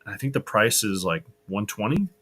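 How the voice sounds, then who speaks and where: A man's voice: fairly low pitch, lively intonation, brisk, sharp tone, breathy edge. A man co-hosting a live stream, talking casually and rambling with many fillers and restarts. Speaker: co-host of a live gear show.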